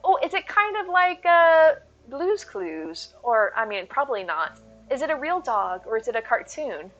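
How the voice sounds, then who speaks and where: A woman in her thirties chatting casually on a live stream, rambling along and thanking her viewers. Her voice sits a little high. The audio is dull and lo-fi, with faint music behind her. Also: very animated, normal speed, a bit bright.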